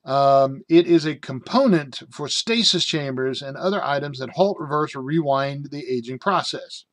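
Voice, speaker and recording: A man's voice: medium pitch, lively intonation, moderate pace, few pauses, a bit bright. Rambling jokey man reviewing a rulebook. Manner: rambling, jokey asides, many fillers. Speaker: tabletop game reviewer. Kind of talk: casual review reading from a rulebook.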